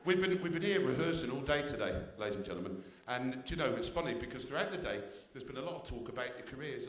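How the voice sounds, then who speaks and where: A man's voice: medium pitch, expressive, quick pace, few pauses, a bit bright, reverberant. A male stand-up comedian on a theatre stage, cheekily teasing the audience.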